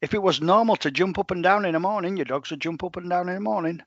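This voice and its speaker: Chatty dog trainer. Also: male voice, high-pitched, quick pace, no room sound, highs cut off. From England. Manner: animated, chatty, plain-spoken. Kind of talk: storytelling in a podcast interview.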